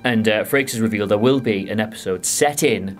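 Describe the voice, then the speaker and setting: A man with a Geordie accent presenting entertainment news in casual banter, making wry deadpan jokes. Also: on the low side, brisk, faint music behind.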